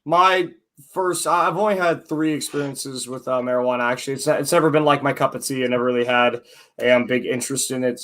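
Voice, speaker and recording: A man's voice: medium pitch, fast talker, a bit bright. A man hosting a casual podcast chat, easygoing and a bit hesitant, with frequent restarts.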